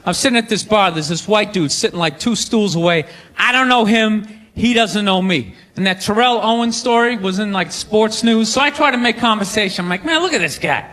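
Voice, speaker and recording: A man does stand-up and tells his story in a loose, conversational way that builds to the punchline. His voice is high, with a bright, forceful edge. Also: fairly quick, hardly any pauses. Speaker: comedian.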